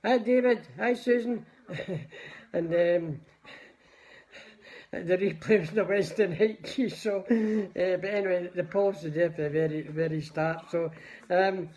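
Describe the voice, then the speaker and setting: Older scottish guy rambling through old stories on a live stream, says hi to viewers as he goes, higher pitched voice. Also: fairly even intonation, unhurried, a little mellow. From Scotland. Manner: rambling, chatty, greets viewers by name. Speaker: livestream host telling stories. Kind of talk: casual storytelling to live viewers.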